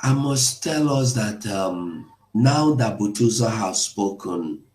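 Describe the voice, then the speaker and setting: Slow, emotional man in an echoey room. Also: on the low side, lively intonation, darkish tone. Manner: emotional, rhetorical, mocking laughs at times. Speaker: online broadcaster. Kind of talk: impassioned live broadcast talk.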